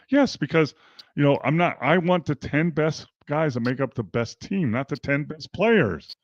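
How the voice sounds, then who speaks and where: A man's voice: on the high side, moderate pace, no room sound, lo-fi sound. An older man, a basketball coach and former pro player, talking in a casual interview and acting out quotes as he tells stories. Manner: animated storytelling, acts out quotes.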